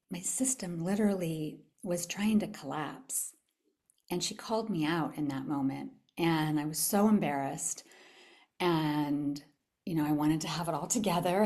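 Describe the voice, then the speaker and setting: Female summit speaker, motivational talk, animated storytelling, asks the audience questions. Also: lowish voice. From California. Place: event room with a live audience.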